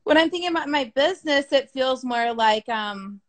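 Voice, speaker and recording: A woman's voice: high voice, expressive, moderate pace. Chatty woman, frank and casual. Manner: frank, chatty, sprinkled with swearing and "like". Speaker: business coach being interviewed. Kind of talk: casual conversational interview.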